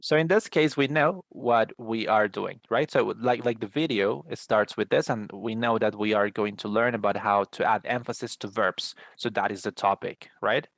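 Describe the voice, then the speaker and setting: A man's voice: fairly low pitch, moderate pace, creaky, few pauses, a bit bright, no echo. A man teaching an English lesson over a video call, explaining at length with frequent restarts and calling the students "guys.". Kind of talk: online class explanation.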